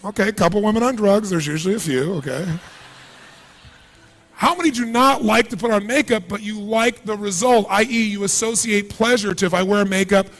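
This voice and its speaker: A man with a high, lifted voice delivers a live motivational seminar in a large event hall. He is animated and keeps throwing questions straight at the crowd to pull them in. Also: fairly quick. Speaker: motivational speaker.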